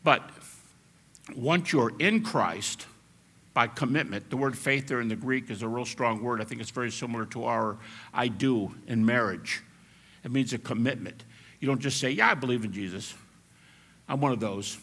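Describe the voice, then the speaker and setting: A man preaching a sermon as pastor, animated and at times shouting as he acts out quotes. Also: medium pitch, normal speed, husky.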